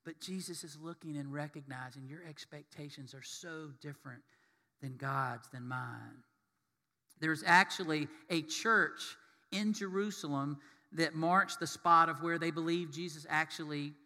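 A man preaching a sermon as pastor, telling the story in an animated way and acting out the voices of the people in it. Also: on the high side, in a large hall.

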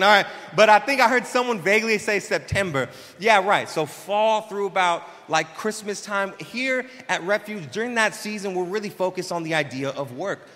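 Slangy preacher man in a reverberant hall. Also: high voice. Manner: conversational, slangy, animated asides. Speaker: pastor. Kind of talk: casual sermon. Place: church sanctuary.

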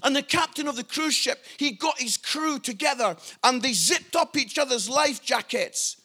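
A man preaching a passionate sermon as pastor, building to shouted appeals. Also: very high voice, normal speed, breathy edge.

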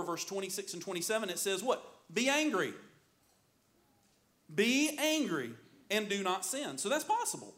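Male pastor, middle-aged, high voice, lively swooping delivery, jokey sermon. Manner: animated, joking storytelling preacher.

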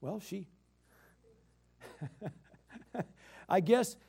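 High-voiced emphatic male preacher. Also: very slow, vocal fry, slightly rough. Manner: animated, swings from loud emphatic bursts to quiet explaining; repetitive, emphatic. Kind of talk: sermon.

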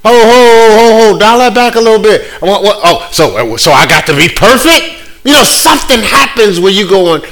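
Animated, high-pitched male preacher. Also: rough recording. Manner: animated, playful, acts out voices of others. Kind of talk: sermon.

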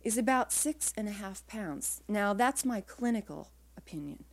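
A woman's voice: medium pitch, lively intonation, normal speed, natural voice. A woman reading the lines of a chipper, fatherly middle-aged male obstetrician in a literary reading. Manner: warm, assured, doctorly.

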